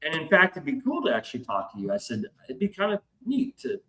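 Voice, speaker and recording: A man's voice: fairly high pitch, huge pitch swings, fast talker, pushed and bright. A man hosting a podcast who tells a story in a casual, profane way and acts out the voices in his quotes. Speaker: podcast host. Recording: roomy echo.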